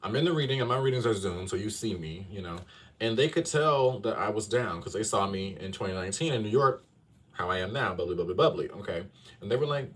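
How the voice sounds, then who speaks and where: A male astrologer telling his viewers a personal story in a casual, animated way, often checking in with them. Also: lowish voice, fast, far from the mic, slight background noise. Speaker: astrologer and tarot reader.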